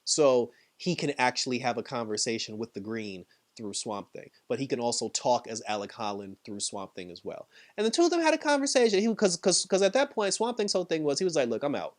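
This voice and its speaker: A man recapping a TV episode in a chatty, off-the-cuff way. He laughs often and fills his talk with "like" and "you know." His voice sits at a middle pitch. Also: big pitch swings, brisk, few pauses. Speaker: TV show reviewer.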